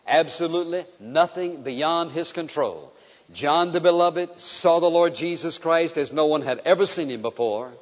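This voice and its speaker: A man with a fairly high voice preaches with fervor, pressing his points hard and then dropping to a near-hush. The recording is dull and lo-fi, and a long hall reverb trails every phrase. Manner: impassioned, swinging between emphatic outbursts and hushed tenderness. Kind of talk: sermon.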